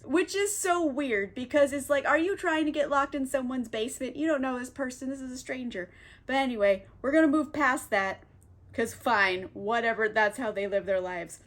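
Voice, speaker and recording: Young woman, high voice, giggly, slangy, rambling comedic book recap. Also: normal speed, fairly bright tone. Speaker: book youtuber.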